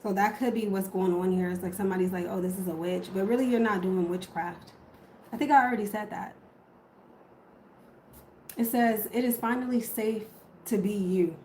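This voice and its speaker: A woman's voice: medium pitch, normal speed, long pauses, darkish tone, reverberant, a little hiss or hum, low-quality recording. A woman giving a casual tarot reading to camera, swearing freely and correcting herself as she goes. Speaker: tarot reader.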